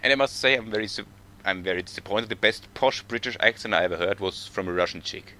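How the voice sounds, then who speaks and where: A German man with a German accent, chatting on a podcast in measured, formal phrasing with dry irony. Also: lowish voice, sharp tone. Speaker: podcast co-host. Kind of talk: casual chat.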